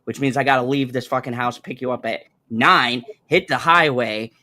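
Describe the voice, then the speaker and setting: A man's voice: medium pitch, steady tone, moderate pace, pushed and bright. A middle-aged man hosting a stream, ranting in casual chat with constant swearing and an exasperated tone. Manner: profane, exasperated ranting storyteller. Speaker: stream host.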